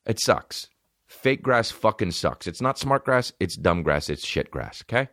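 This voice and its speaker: Low-voiced man on a profane comic rant. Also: animated, moderate pace, fairly bright tone, no echo, studio quality. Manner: profane, ranting riffs. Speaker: comedian podcast host. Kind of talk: comedic podcast monologue.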